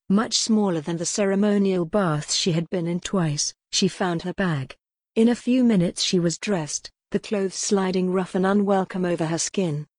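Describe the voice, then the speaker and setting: Woman narrating a dark gothic novel. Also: medium pitch, husky, no echo, clean studio sound. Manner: measured, dramatic storytelling. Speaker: audiobook narrator. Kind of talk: scripted narration.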